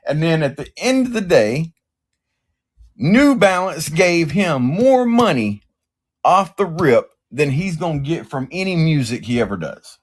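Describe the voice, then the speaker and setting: Blunt cussing guy on a podcast, kinda high voice, riffs and does little voices for people. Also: very animated, measured pace. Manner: blunt, profane, acts out quoted voices. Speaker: podcast co-host. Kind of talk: casual chat.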